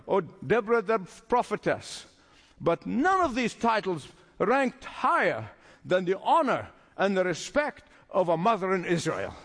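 A man's voice: high-pitched, big-room sound. A man preaching a sermon, emphatic and repeating phrases for stress.

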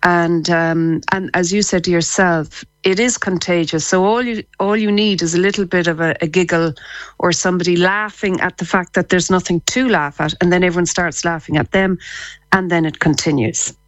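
Brief: female guest therapist, lower voice, chatty, laughs easily, tight dry studio sound. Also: steady tone, no room sound, poor audio. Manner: chatty, quick restarts, easy laughs. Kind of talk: radio interview chat.

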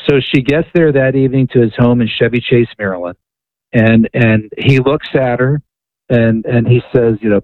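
A man's voice: medium pitch, moderate pace, dry recording. A man, a guest author, telling a story on a radio interview, often repeating and restarting words. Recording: tinny phone line.

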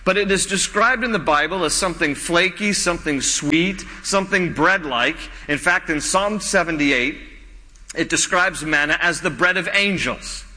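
A man preaching a lively sermon in a very bright, ringing voice that sits a little high for a man. He mixes joking asides into his teaching and slips into quick voices for the people in the story. The sound carries the long reverb of a large hall. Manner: animated, joking asides, voices complaining crowds. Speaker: pastor.

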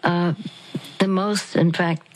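A woman hosting a radio counseling show, speaking gently and haltingly with fillers and restarts. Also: fairly low pitch, steady tone, rough recording.

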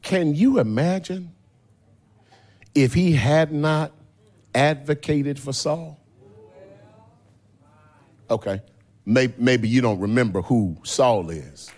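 Preacher swinging into a sung, shouted cadence. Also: male voice, mid-range voice, expressive, takes it slowly, long pauses. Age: older. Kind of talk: sermon.

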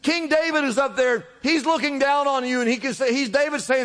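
Male pastor, high voice, fervent sermon, repeated exhortations, long hall reverb. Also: a little fast, hardly any pauses, fairly bright tone. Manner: preaching with rising fervor, repeated exhortations.

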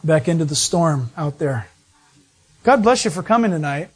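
High-voiced man preaching a sermon. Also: expressive, normal speed, slightly rough. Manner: preaching, reads scripture aloud, asks and answers his own questions. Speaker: pastor. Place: church service.

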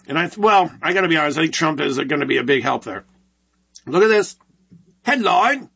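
Male host, husky and bright, rambling sarcastic monologue. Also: fairly high pitch. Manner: rambling, sarcastic, full of rhetorical questions. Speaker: show host. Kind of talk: opinionated commentary monologue.

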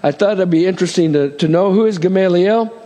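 A man preaches with a notably high voice, folding casual asides into his sermon and checking in with "amen?". His words ring out with the long reverb of a large hall. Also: quick pace, warm tone. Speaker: pastor.

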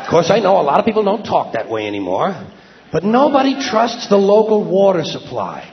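A man's voice: sits high, wildly swooping pitch, a little fast. A man doing a wry, sardonic, conversational stand-up monologue. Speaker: stand-up comedian. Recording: dull lo-fi with faint ambience.

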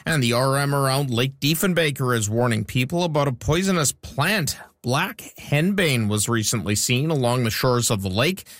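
Steady male newsreader. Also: medium pitch, moderate pace, hardly any pauses, no echo, clean studio sound. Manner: steady, scripted delivery. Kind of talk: news reading. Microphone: studio microphone.

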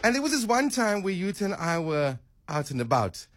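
A man's voice: sits high, big pitch swings, a little fast, fairly bright tone, dry recording, clean studio sound. A South African man co-hosting a radio show, teasing and laughing through casual banter. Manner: laughs often, playful teasing.

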